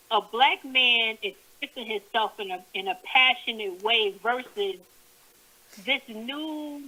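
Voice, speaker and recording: A woman calling in to a talk show, speaking earnestly and haltingly, repeating her points as she goes. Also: a little high, bright, forceful tone. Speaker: caller. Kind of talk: casual phone-in conversation. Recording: tinny phone line.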